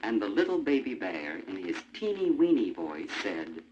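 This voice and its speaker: A man narrating a storybook in an animated, expressive way. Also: lowish voice, moderate pace, a little hiss or hum. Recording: muffled old vinyl with music.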